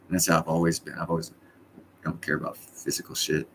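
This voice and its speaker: A man's voice: sits low, monotone, fast talker, a bit bright, a little hiss or hum. A middle-aged man hosting his own live stream from home, chatting casually in a rambling, blunt and profane way.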